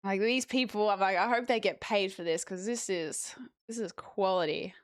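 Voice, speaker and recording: A woman's voice: mid-range voice, moderate pace. A young adult woman streaming, chatting casually in a slangy way and laughing easily. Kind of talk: casual chat.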